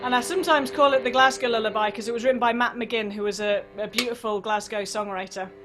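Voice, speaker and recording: A woman leading an online sing-along warm-up over a computer microphone, chatty and encouraging, with playful asides. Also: on the high side, fairly even intonation, fast talker, music in the background. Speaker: singing workshop leader.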